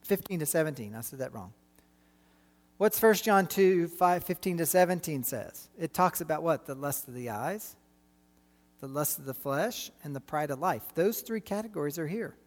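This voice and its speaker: A middle-aged man preaching a sermon, animated and full of rhetorical questions to the congregation. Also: on the high side, normal speed, long reverb tail.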